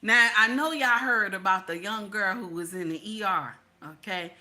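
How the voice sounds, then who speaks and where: A woman hosting casual reaction commentary, animated and brash with preachy asides. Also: medium pitch, normal speed. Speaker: commentary host.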